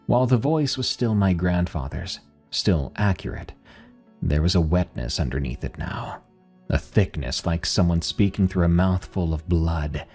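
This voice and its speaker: A man reading a first-person horror story in a slow, grave narration over faint music. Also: sits low, animated, a little mellow.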